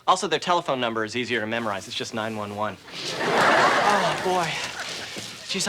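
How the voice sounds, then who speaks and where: A man's voice: medium pitch, very noisy, close to an everyday voice. Actor playing a goofy, melodramatic man-child. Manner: silly, rambling, melodramatic. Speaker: sitcom lead. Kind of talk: sitcom acting. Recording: TV sitcom audio with laugh track.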